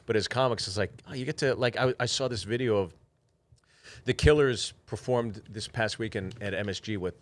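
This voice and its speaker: A man with a fairly low voice co-hosting a podcast. He talks in a loose, conversational way and drops the odd curse word into his stories. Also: a little fast, no room sound. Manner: relaxed, conversational, swears casually. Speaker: podcast co-host. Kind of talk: casual chat.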